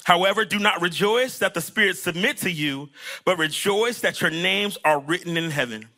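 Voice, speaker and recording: A young adult man preaching a sermon as pastor, animated, with a sing-song rising delivery and playful acted-out asides. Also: high-pitched. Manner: animated preaching, acts out the disciples and Jesus in quick asides.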